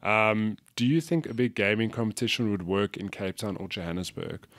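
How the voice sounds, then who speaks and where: A man's voice: lowish voice, normal speed, a bit bright, dry recording. A man co-hosting a gaming podcast, chatty and laughing often as he reads listener questions. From South Africa. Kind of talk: casual chat.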